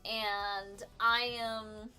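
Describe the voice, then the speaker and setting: A woman's voice: mid-range voice, flat delivery, drawn-out words, bright, forceful tone, soft background music. A young adult woman casually telling a story while streaming, in a chatty, profane way with frequent restarts. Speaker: artist streaming her work.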